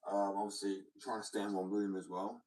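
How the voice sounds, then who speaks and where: A man with a deep, mumbly voice, chatting casually on a stream, rambling, looping back on his point and swearing offhandedly. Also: brisk. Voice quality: naturally deep voice, mumbly when relaxed. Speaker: fingerboard streamer. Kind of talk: casual live-stream chat. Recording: built-in mic, a little distant.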